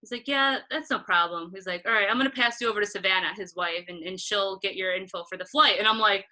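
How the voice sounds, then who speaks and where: A woman concert photographer telling a story in a casual interview, animated and acting out what others said, laughing often. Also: a little high, fairly quick, rough recording. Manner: animated, acts out quoted voices, laughs often.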